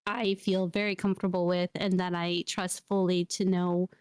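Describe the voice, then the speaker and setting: A woman co-hosting a streamer podcast, giving earnest, measured advice in casual chat. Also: fairly low pitch, level tone, clean tone, dry recording. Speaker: VTuber podcast host.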